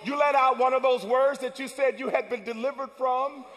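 A man preaching a sermon as pastor, with call-and-response lines that build up to shouts. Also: very high-pitched, fairly even intonation, normal speed. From United States. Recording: long church hall reverb.

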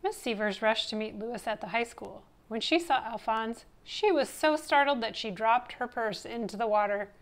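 A woman reads a children's picture book aloud in a fairly high voice. Her narration is expressive and steady. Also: normal speed, few pauses. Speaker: storyteller.

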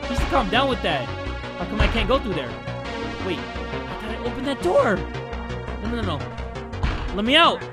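A man giving excitable, jokey let's play commentary, with sudden yelps and casual swearing. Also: high-pitched, moderate pace, pauses often. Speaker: gaming YouTuber. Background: game music.

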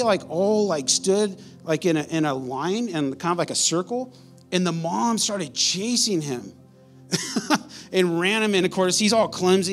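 Animated man preaching a sermon. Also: a little high. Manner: animated storytelling, conversational asides. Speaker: pastor.

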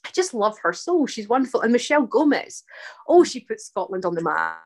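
A woman's voice: a little high, very animated, brisk, darkish tone. A woman voice actress chatting in an interview, rambling and laughing often, poking fun at herself. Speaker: voice actress guest. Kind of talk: casual interview chat.

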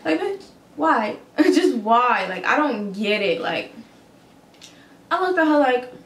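Young woman telling an animated rant in a roomy room. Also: a little high, takes it slowly. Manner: animated, profane, incredulous retelling. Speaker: vlogger. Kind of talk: casual storytime rant. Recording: roomy echo with faint ambience.

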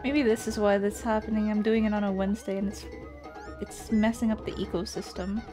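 A woman VTuber streaming a game, reacting in excitable, panicky bursts with repeated shouts and frequent swearing. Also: medium pitch, a little fast, over music. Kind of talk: casual live gameplay commentary.

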